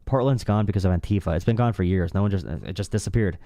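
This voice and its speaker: A man's voice: sits low, fast, mellow, dry recording, clean studio sound. A young man hosting a casual political call-in stream, sarcastic and mocking. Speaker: livestream talk show host.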